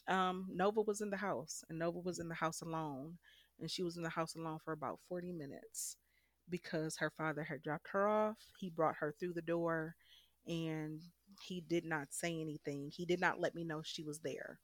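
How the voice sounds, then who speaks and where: A woman's voice: fairly low pitch, a little fast, no echo, studio quality. A young woman frankly and emphatically telling a personal story as a guest.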